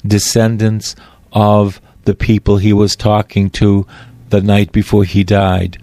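A man's voice: medium pitch, darkish tone, dry recording, clean studio sound. A man preaching a sermon, fervent and repetitive, quoting scripture and driving points home by repeating phrases.

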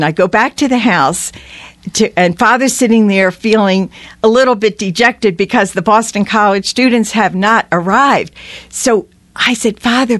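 A woman's voice: medium pitch, no room sound. A woman on a radio show, earnestly telling a long personal story and acting out the voices of the people in it. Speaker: guest.

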